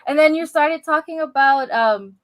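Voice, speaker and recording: Co-host: high-voiced woman, chatty and giggly. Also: moderate pace, fairly bright tone. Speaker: podcast co-host. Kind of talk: casual chat.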